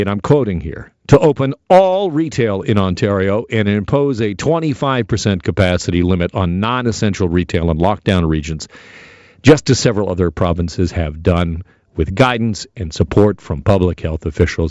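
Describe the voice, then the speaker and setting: A middle-aged radio host delivers a joking, theatrical monologue. His pitch swings widely from low to high. The sound is dry and slightly dull, with no room around it. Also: no echo. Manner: animated, jokey, theatrical. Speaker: radio talk show host.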